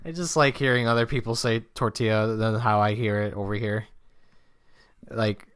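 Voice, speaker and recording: A young man from Mexico hosts a casual podcast conversation. His voice is smooth and clear, and he stumbles through restarts and repeated words. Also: lowish voice, fairly even intonation, fairly bright tone. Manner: hesitant, restarts often, quick laughs. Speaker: podcast host. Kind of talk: casual chat.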